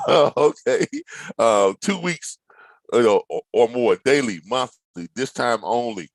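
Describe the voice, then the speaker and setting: A man teaching trucking logistics as he clicks through listings. His pitch leaps up and down as he jokes and teases his viewers. The mic is close and dry, with no room sound. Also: unhurried, dry recording, low-quality recording. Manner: animated, playfully dramatic, teasing asides. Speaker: logistics trainer. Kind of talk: screen-share tutorial talk.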